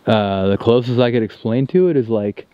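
A man hosting a paranormal investigation, talking excitedly and insistently outdoors at night and often repeating himself. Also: medium pitch, moderate pace, smooth, highs cut off. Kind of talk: excited on-location commentary.

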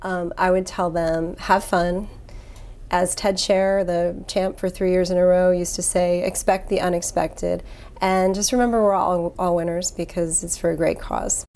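A woman trial lawyer talks as an interview guest in a fairly low voice. She answers with enthusiasm and tells her stories in an animated way. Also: normal speed.

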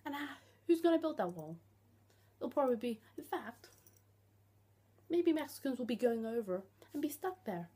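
A woman's voice: high voice, big pitch swings, normal speed, long pauses, dark tone, husky. A young woman, ranting bluntly and sarcastically in a vlog, swearing freely. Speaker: vlogger.

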